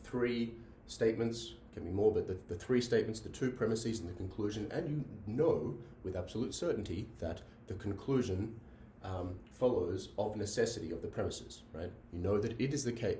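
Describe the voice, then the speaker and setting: In a classroom with a board, a man lectures on logic, frequently restarting phrases, repeating himself, and checking in with "right?". His voice is fairly low and mellow. The mic sits at a distance in an echoey room, with slight background noise.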